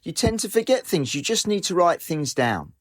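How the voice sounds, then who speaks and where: A man's voice: high voice, sing-song, normal speed. A man doing a reassuring doctor.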